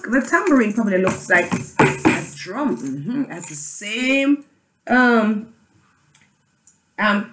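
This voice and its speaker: A woman's voice: mid-range voice, reverberant, slight background noise. A woman teaching a children's phonics reading lesson, chanting and spelling letters aloud with her class. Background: tambourine jangling.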